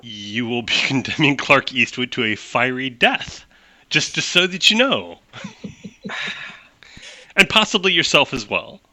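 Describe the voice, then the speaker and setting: A man narrating as game master of a tabletop game, talking in animated quick bursts with restarts. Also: mid-range voice.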